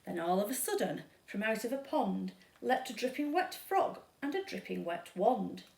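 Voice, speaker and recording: Expressive woman reading a children's story. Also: mid-range voice, vocal fry, distant mic, a little hiss or hum. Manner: expressive, dramatic, slow. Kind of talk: children's read-aloud storytime. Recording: echoey room.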